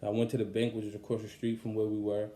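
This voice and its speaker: A young man, telling a personal story in a casual podcast monologue, full of fillers and growing animated when upset. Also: on the low side, fast talker, roomy sound. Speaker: podcast host and songwriter.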